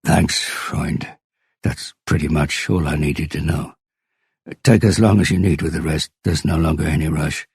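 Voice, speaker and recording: A man voicing a tired, blunt male police inspector who sounds hoarse and terse. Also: extremely low pitch, a little slow, a little mellow, no room sound, studio quality, exaggerated voice. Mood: curt.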